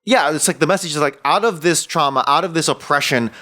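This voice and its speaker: A man's voice: on the high side, fast, pushed and bright. A man co-hosting a comic review podcast in casual chat, rambling and trailing off. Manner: hesitant, rambling, lots of restarts. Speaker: podcast co-host.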